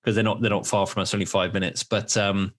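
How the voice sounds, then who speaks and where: A young adult man hosting a podcast, telling rambling, animated stories in casual chat with many restarts. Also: fairly low pitch, fast. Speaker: podcast host.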